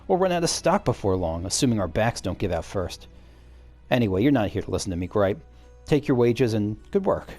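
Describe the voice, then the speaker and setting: A man's voice: on the low side, big pitch swings, brisk, darkish tone, soft background music. A man voicing a weary, grumbling researcher who hauls ore, reading game dialogue in a matter-of-fact way.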